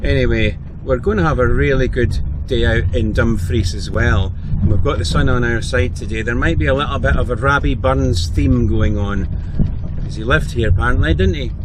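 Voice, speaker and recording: A man's voice: mid-range voice, moderate pace, very noisy. A middle-aged man hosting a travel vlog, easygoing and a little hesitant, over faint music. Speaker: vlog host.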